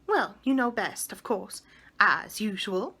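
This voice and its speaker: A woman's voice: on the high side, big pitch swings, measured pace, sharp tone, slightly rough, voice pushed up, exaggerated voice. A woman voicing a prim, stern nanny who speaks in a clipped, haughty, scornful way.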